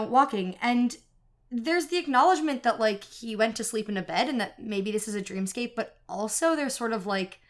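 A woman in a casual book discussion, easygoing and rambling, with plenty of fillers. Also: medium pitch.

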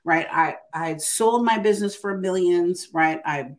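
In a lowish voice and at a slightly slow pace, an older author recounts her story during an interview. She speaks casually but emphatically, frequently tagging on "right?".

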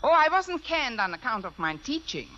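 Mock German accent, brassy boozy woman teacher, put on by a woman, drawling, sly, lively pitch, 1950s radio. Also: normal speed, full character voice. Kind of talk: 1950s radio sitcom acting. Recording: dull old radio broadcast, loud hiss.

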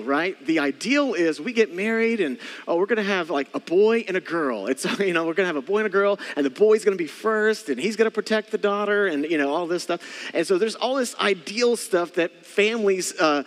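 A man's voice: high-pitched, long reverb tail. A man in his thirties preaching a casual, joking sermon as a pastor, talking straight to his congregation. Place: church hall.

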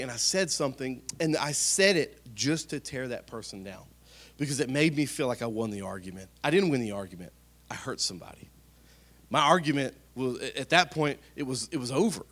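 A man in his thirties preaches with a drawl. He talks to the congregation as if chatting with friends, telling stories and dropping his voice low for the serious points. His pitch sits in an ordinary middle range. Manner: conversational storytelling, shifting from loud to hushed. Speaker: pastor. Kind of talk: sermon.

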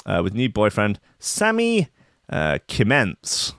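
A man's voice: lowish voice, huge pitch swings, slow, a bit bright, no room sound, clean studio sound. Offhand man reading out gossip. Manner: offhand, reads out a news story with asides. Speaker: podcast host. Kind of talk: casual comedic chat.

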